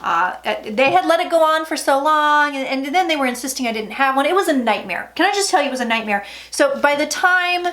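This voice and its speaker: Woman psychic, high voice, chatty and theatrical delivery for a tarot reading vlog. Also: animated. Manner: chatty, dramatic, with sudden loud asides and drawn-out phrases.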